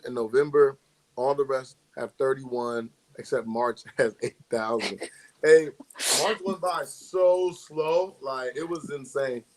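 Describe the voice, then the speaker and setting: A man's voice: mid-range voice, darkish tone, rough recording. A young man co-hosting a youth group livestream, chatting easily and chuckling often. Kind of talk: casual livestream chat.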